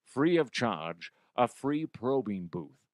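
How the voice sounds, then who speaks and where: A man's voice: mid-range voice, very animated, slow pace, a little mellow, no echo, studio quality. A man putting on the voice of a brash, cheeky older man who offers crude, blunt advice.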